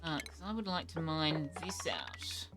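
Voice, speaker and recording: A young woman streaming a game, chatting casually and thinking aloud, reacting with quick surprise to what happens. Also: sits low, very animated, over music. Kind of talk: casual live gameplay commentary.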